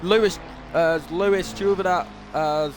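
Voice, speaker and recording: A young man with a high voice calls a sim race live in a loose, casual way, restarting sentences and poking fun at himself. A faint hum sits behind him. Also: fairly even intonation, moderate pace. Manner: casual, self-deprecating, with restarts and exclamations. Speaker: race commentator. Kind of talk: sim racing commentary.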